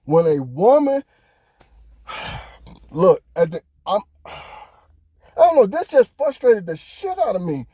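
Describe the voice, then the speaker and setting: A man's voice: sits high, very animated, slow, long pauses, warm tone, dry recording, clean studio sound. A man hosting a podcast, ranting heatedly in casual talk, swearing often. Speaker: podcast host. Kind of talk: casual opinion monologue.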